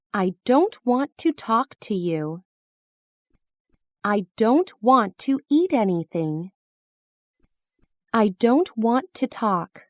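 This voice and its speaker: Very slow, lively high-voiced woman. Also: no echo, clean studio sound. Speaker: phrase reader. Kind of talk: slow, careful reading of practice phrases.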